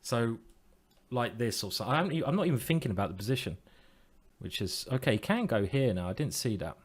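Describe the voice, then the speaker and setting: A man's voice: medium pitch, lively intonation, fairly quick, breathy edge. A man streaming online chess, thinking aloud in a playful, self-mocking way and teasing his opponent.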